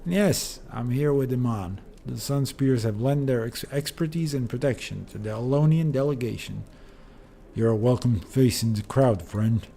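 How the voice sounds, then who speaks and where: A man's voice: medium pitch, normal speed, vocal fry, warm tone, a little hiss or hum, lightly acted. A man reading out a friendly male soldier's lines from a video game in his own voice. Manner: plain read-aloud.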